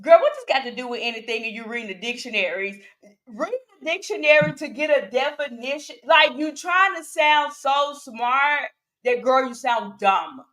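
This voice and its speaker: High-voiced sassy Memphis woman. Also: expressive, normal speed, a bit bright. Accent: Southern, Memphis. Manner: exasperated, sassy, talks in rhetorical questions. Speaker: podcast co-host. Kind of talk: casual commentary chat.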